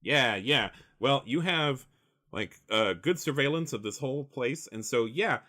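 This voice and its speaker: A man's voice: medium pitch, animated, unhurried, sharp tone. A man narrating as game master in a rambling, hesitant way with many fillers.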